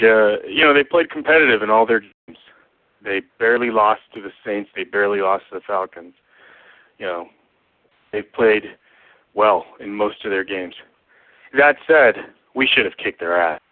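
A man leaving a furious, profane voicemail, slow and emphatic in his anger. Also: on the low side, no room sound. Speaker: caller. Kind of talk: voicemail rant. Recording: tinny phone line, dry.

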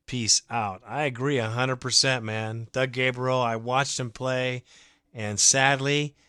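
A man's voice: medium pitch, fairly even intonation, slow pace, sharp tone, clear, resonant tone, dry recording, studio quality. A man hosting a fan podcast, reading listener comments and ranting emotionally, swearing freely in a casual monologue.

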